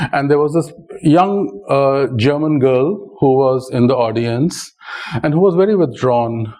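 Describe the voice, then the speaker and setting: A man with an Indian English accent speaks to an audience in a mellow, relaxed tone. He lectures in a conversational way, tells stories to make his points and keeps asking "right?" along the way. His pitch sits in the middle range. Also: rough recording. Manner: conversational, often adds "right?". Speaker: speaker giving a talk. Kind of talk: public lecture with anecdotes.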